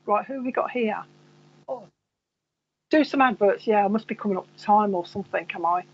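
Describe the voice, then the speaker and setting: A woman's voice: mid-range voice, brisk, breathy edge, lo-fi sound. A woman with a Coventry accent hosting a live psychic reading stream, chatting and rambling as she talks half to herself. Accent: Coventry English. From Coventry, England. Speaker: psychic medium host.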